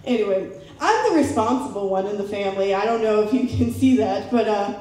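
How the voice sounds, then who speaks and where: A woman's voice: mid-range voice, expressive, brisk, a little mellow. A young woman from Southern California doing a chatty, playful stand-up routine at a live show. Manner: chatty, playful, acts out family members' voices. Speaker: stand-up comedian. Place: live comedy show in a large room. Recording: very echoey room with faint background noise.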